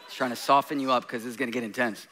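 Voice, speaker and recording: A man's voice: medium pitch, steady tone, rapid-fire, pushed and bright, some chatter behind. A man preaching a sermon, mixing laughing, self-deprecating jokes with intense points. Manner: laughing often while talking. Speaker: guest preacher.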